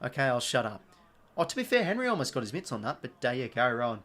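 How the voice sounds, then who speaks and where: An excitable young Australian man giving live fan commentary on a football match, chatty with viewers and prone to shouting and swearing at big moments. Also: mid-range voice, fast. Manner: chatty asides and thanks to viewers. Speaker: watch-along commentator.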